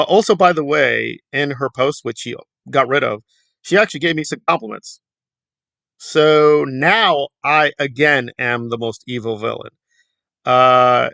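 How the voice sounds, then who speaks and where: A man's voice: medium pitch, creaky, bright, forceful tone, dry recording. A man hosting a commentary channel, talking in a sarcastic, mocking and indignant way about online drama.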